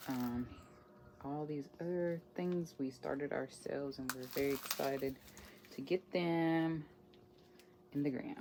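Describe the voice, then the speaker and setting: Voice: medium pitch, a little hiss or hum. A homestead vlogger giving a casual, upbeat walking tour of a home garden outdoors, chatty with small laughs.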